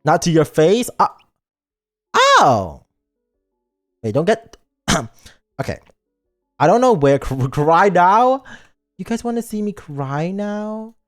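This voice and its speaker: A man's voice: sits high, huge pitch swings, slow, pauses often, fairly bright tone, soft background music. A man streaming a game in a silly, joking and rambling way. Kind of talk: casual game stream chat.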